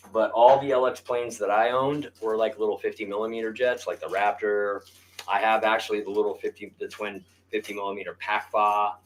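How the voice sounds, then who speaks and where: A man's voice: mid-range voice, fairly bright tone, rough recording. A man hosting a hobby video, talking casually and bluntly with constant swearing while he works on a model plane. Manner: blunt, heavy swearing, addresses viewers as "you guys". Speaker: RC hobby channel host. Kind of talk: casual profane workshop talk to camera.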